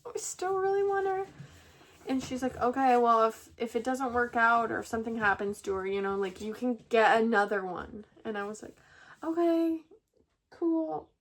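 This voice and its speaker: A young woman vlogging at home, telling a rambling story to camera, full of fillers and restarts. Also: fairly high pitch. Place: at home with pet rabbits.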